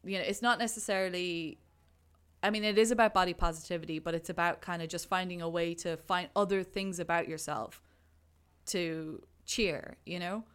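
A woman's voice: lowish voice, steady tone, normal speed, fairly bright tone, smooth. A woman co-hosting a podcast, chatting casually about a movie and acting out her own thoughts, with lots of fillers. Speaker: podcast co-host.

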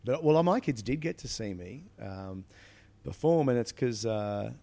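Male comic with a gravelly voice, swapping stories, trips over his words and restarts a lot. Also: on the low side, a little slow. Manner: animated storytelling with frequent restarts. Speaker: comedian. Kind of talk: casual chat.

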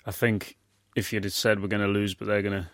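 A man's voice: lowish voice, little pitch movement, brisk, a bit bright, no room sound. A man talking football on a podcast as a guest in a dry, laid-back way. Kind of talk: casual football chat.

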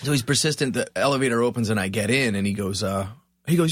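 A man's voice: mid-range voice, fast, dry recording, studio quality. A man, a touring musician, telling a long personal story in casual talk and acting out the voices of the people in it. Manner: animated storyteller, acts out quoted voices.

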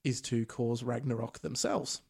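A man casually recapping a film plot as podcast host, relaxed and chatty. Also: mid-range voice, unhurried, vocal fry, breathy edge. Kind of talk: casual movie recap chat.

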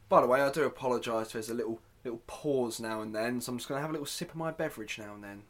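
A man's voice: mid-range voice, quick pace, few pauses. A man hosting a casual solo podcast, chatty and self-deprecating, with joking asides. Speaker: podcast host.

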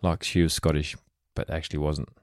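Deep-voiced man, joking. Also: flat delivery, brisk, a little mellow, no room sound, studio quality. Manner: joking, teasing. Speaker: podcast co-host. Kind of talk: casual chat. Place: bedroom. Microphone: headset mic.

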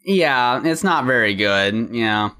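A man's voice: medium pitch, animated, slow pace, bright, forceful tone. A man filling in as a podcast co-host, trading playful jokes in casual chat.

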